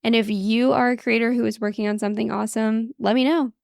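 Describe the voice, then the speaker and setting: A woman podcast host with a fairly high voice and a heavy vocal fry, sounding tired late at night. She talks in a chatty, upbeat way into a close microphone in a dry, deadened space. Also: steady tone, quick pace, darkish tone, no echo. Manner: chatty and upbeat, laughs at herself. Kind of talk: podcast outro and shout-out.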